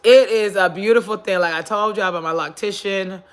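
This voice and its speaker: A woman's voice: medium pitch, fairly quick. A woman hosting a casual motivational live stream from her phone while sitting on the floor, earnest and preachy, repeating her points for emphasis. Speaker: livestream host. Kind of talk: casual motivational livestream talk.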